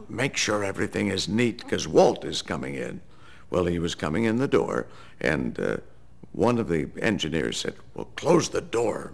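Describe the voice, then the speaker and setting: An older man, a veteran cartoon voice actor, telling a lively anecdote in an animated way. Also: low voice, creaky. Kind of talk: anecdote told to camera.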